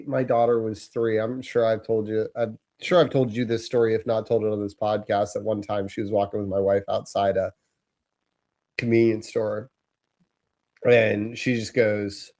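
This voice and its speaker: A man's voice: on the low side, moderate pace. A man co-hosting a podcast, chatting casually and easily about his kids. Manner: relaxed, easygoing listener who chimes in. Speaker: podcast co-host. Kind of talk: casual chat.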